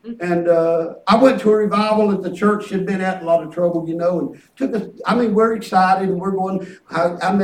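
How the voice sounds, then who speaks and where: A man preaching in a folksy, animated way, telling stories in a church. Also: sits high, moderate pace. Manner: folksy, animated, peppered with "praise God". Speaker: pastor. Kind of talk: sermon storytelling. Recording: echoey church from far off.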